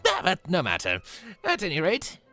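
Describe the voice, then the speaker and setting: A man's voice: high voice, huge pitch swings, moderate pace, bright, forceful tone, faint music behind, pitched above the performer's own voice, heavily acted. A man voicing an arrogant male jester villain who is boastful and mocking, with a theatrical, gloating delivery.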